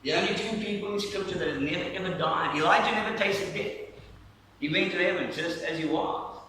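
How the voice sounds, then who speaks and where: Pastor in an echoey church. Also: male voice, high voice, fairly quick. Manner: animated storytelling preacher, acting out scenes, dropping to a hush for emphasis. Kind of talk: sermon. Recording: echoey church from far off with faint noise.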